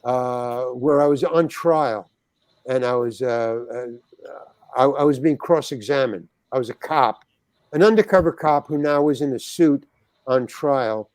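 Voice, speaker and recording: An older man, a podcast guest, telling a rambling, animated anecdote full of "you know" and acted-out voices. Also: medium pitch, a little slow, dry recording. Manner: animated, acts out other people's voices, many fillers.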